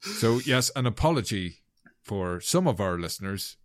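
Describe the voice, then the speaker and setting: A man co-hosting a podcast in casual chat, teasing with sweary deadpan jabs. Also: lowish voice, moderate pace, no room sound, clean studio sound. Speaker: podcast co-host.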